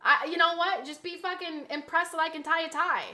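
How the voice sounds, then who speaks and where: Brash young woman streamer, bright high voice, mouthy banter with chat. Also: fairly quick. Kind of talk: casual livestream chat.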